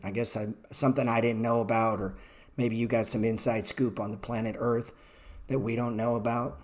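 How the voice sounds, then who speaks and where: A trading educator with a somewhat low voice runs a live-streamed class, casually going through stock charts, blunt and profane, and snapping at people in the chat. He speaks at normal speed with fairly even intonation.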